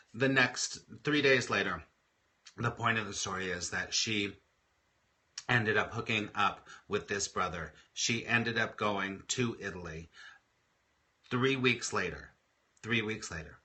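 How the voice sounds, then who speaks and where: A man with a strikingly bright, cutting voice hosts a live inspirational morning show. He coaches and tells stories with lots of expression, doubling back to repeat his phrases. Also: on the low side, takes it slowly, pauses often. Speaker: spiritual coach and show host.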